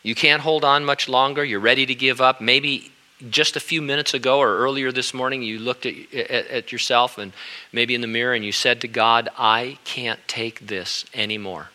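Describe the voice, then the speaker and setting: An older pastor preaches in an earnest, conversational way, often restarting his sentences. His voice is strikingly bright and forward, and its pitch sits in an ordinary middle range. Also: fairly even intonation, moderate pace. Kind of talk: sermon.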